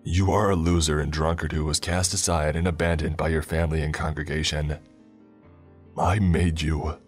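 Brief: man doing a cruel unseen prophet, very deep, cold, mocking, garbled. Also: level tone, normal speed, soft background music. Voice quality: garbled, distorted. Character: cold disembodied male cult prophet, cruel, commanding.

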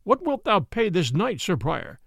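A man voicing a shrill, timid lawyer. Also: sing-song, a little slow, vocal fry, husky, dry recording, studio quality, heavily acted. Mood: nervous. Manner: trembling, shrill, fawning.

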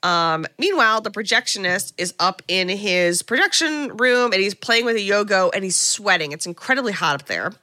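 A woman co-hosting a podcast, casually recapping a movie plot and swearing freely as she acts out quick lines. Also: medium pitch, expressive, sharp tone, no echo, clean studio sound. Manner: retells scenes with quick quoted voices, swearing. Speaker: podcast co-host.

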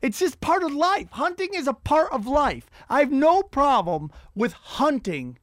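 A man's voice: very high voice, very animated, a little slow, a bit bright, dry recording, studio quality. A man telling rambling, profane stand-up stories on a podcast, with frequent restarts. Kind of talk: casual profane storytelling.

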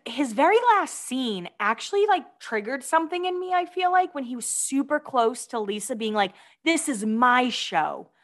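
A woman's voice: sits high, expressive, normal speed, hardly any pauses. A woman co-hosting a podcast, reading gossip items aloud and chatting with giggly asides. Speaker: podcast co-host.

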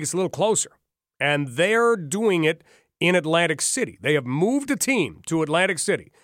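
A man hosting a talk radio show, speaking conversationally and briskly, addressing listeners directly. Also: fairly high pitch, fairly bright tone, no echo, clean studio sound. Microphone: studio microphone.

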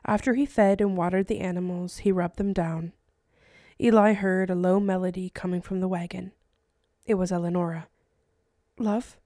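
A woman, an author, narrating her own novel as an audiobook in a steady, measured way. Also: fairly low pitch, dry recording, clean studio sound. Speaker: author and podcast host.

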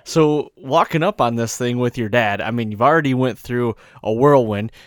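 A man hosts a relaxed podcast chat, answering with short reactions and recapping his guest's story before asking a question. His medium-pitched voice is recorded close and dry. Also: moderate pace, no room sound. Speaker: podcast host. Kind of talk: casual interview.

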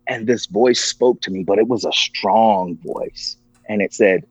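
A man's voice: on the low side, a little slow, few pauses, breathy edge, dry recording. A man sharing a personal story as a podcast guest, earnest and emotional. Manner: earnest, emotional, acts out quoted voices. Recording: dull lo-fi, dry.

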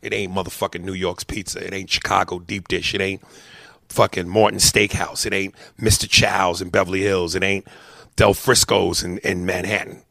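A man telling a story as a heated, profane rant, swinging between loud outbursts and low muttered asides. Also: flat delivery, moderate pace, gravelly, dry recording, clean studio sound.

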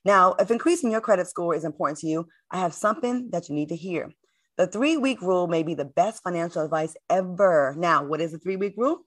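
A woman's voice: on the low side, lively intonation, brisk. Fiery outspoken woman talk show host. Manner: fiery, blunt, emphatic. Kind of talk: heated panel talk and read ad.

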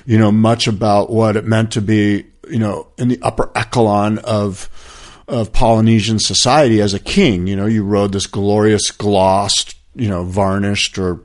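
A man's voice: fairly low pitch, darkish tone. A man co-hosting a podcast in casual chat, meandering through his points and filling gaps with "you know". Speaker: podcast co-host.

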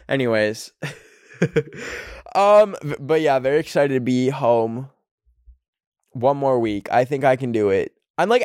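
A man's voice: mid-range voice, animated, normal speed, a little mellow, no echo, studio quality. A young man hosting a podcast on his own, chatting casually and rambling with lots of filler words and self-mocking asides. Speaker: podcast host. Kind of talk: casual solo chat.

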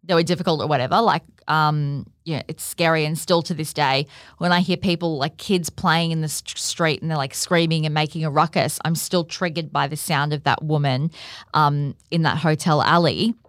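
A woman's voice: low voice, steady tone, moderate pace, no room sound, clean studio sound. A woman hosting a podcast, telling a personal story in a chatty way with lots of "like" fillers. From Australia. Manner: chatty, leans heavily on "like" fillers. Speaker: podcast host. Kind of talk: casual storytelling monologue.

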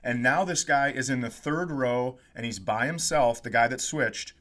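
A man's voice: medium pitch, moderate pace. A man hosts a casual comedy podcast in an ordinary mid-range voice. He spins a story with real energy, slips into the voices of the people in it and laughs along as he goes. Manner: animated storyteller, acts out quotes, laughs often.

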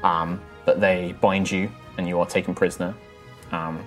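Deep-voiced man running a tabletop game. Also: little pitch movement, moderate pace, soft background music. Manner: loose and conversational, with fillers. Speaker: game master.

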